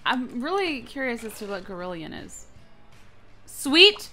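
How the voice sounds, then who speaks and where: A young woman hosting a gaming channel, giving excitable, playful let's-play commentary with frequent squeals and giggles. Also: a little high, normal speed, faint music behind.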